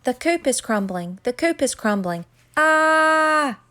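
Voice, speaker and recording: A woman's voice: mid-range voice, big pitch swings, moderate pace, natural voice. A woman voicing a frantic little male chicken who shrieks in alarm. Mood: panicked.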